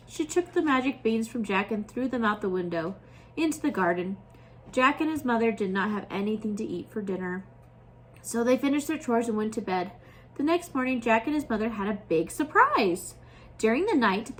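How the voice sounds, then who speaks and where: A woman preschool teacher reading a story and leading a craft, talking to young children in an animated, upbeat way. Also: a little high.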